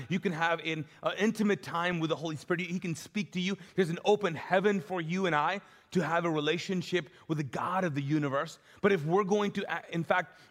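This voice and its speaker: Casual lively pastor, man, slightly high voice, big echoing sanctuary. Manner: animated, conversational, acts out dialogue with self-deprecating humor. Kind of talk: live sermon with storytelling. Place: large church auditorium. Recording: long hall reverb.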